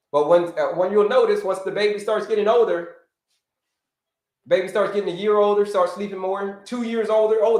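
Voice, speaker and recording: Hosting a health lesson on livestream, this American coach speaks in a high voice that reverberates around the room. He teaches energetically, circling back to his key points and calling out viewers by name over his livestream setup.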